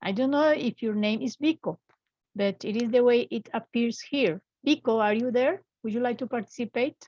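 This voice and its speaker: A woman in her fifties teaching an English class from home over a video call, explaining slowly and patiently with repeated examples. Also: a little high, a little mellow, no echo, lo-fi sound. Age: 50s.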